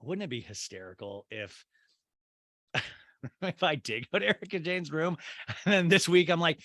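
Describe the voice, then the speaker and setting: A man's voice: a little high, animated, normal speed, pauses often, a bit bright, dry recording. A man hosting a comedy podcast, rambling through a crude, joking recap monologue. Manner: rambling, crude, swings into silly voices. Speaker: podcast host.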